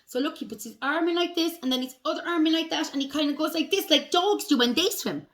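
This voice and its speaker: A woman leading a circle time lesson for young children, talking in an animated, sing-song way. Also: high voice, quick pace. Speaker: preschool teacher.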